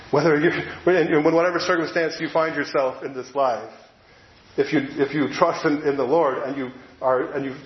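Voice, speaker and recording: Male preacher, fairly high voice, relaxed conversational sermon delivery, roomy echo. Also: slight background noise. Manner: conversational, reads quotes aloud, occasional repeated words. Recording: echoey room, slightly dull sound.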